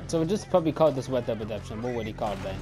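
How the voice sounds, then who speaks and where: A man's voice: medium pitch, expressive, rapid-fire, dark tone, soft background music. A man giving casual gameplay commentary, self-mocking about his own attempts at voices. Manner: self-mocking, chuckling at himself. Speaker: gaming YouTuber.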